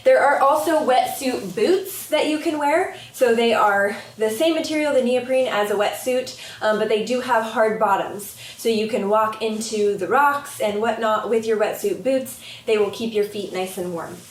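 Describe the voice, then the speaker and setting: A woman's voice: on the high side, normal speed, few pauses. A young woman, a paddleboarding instructor, explaining cold-weather gear in a friendly, chatty way with frequent ums, filmed outdoors near the water. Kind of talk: casual instructional video. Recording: echoey, distant from the camera mic.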